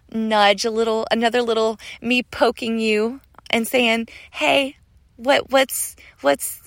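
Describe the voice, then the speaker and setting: A woman's voice: a little high, creaky, a bit bright, no echo. A woman hosting her own podcast, talking in a heartfelt, gushing and spiritual way, full of thanks and "like" fillers. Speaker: podcast host. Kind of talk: heartfelt solo podcast talk.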